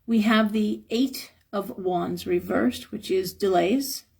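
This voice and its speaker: A hoarse woman giving a frank, advice-giving live tarot reading and chuckling now and then. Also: medium pitch, takes it slowly, a little mellow. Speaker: tarot reader.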